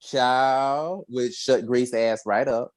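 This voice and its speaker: A podcast co-host recapping a story in a sassy, slangy, animated way, with acted quotes. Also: medium pitch, slow pace. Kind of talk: casual chat.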